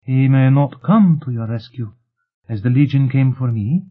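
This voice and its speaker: A man's voice: medium pitch, moderate pace, voice pushed up, natural voice. A man reading a defiant young woman with a clipped, coldly challenging manner, in an audiobook. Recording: tinny phone-like sound.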